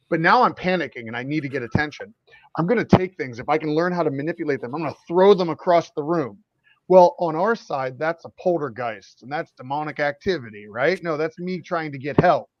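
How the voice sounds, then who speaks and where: Middle-aged male podcast co-host, fairly high voice, ranting in quick animated bursts, dry, slightly dull recording. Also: no room sound. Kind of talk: casual podcast chat.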